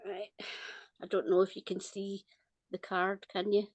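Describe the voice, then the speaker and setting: A Scottish woman gives a psychic reading over a call in a gentle, reassuring way, smiling often as she talks. Her voice sits in a middling register and is recorded close and dry, with no room around it. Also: medium pitch, level tone, unhurried, dry recording. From Scotland. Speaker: psychic reader.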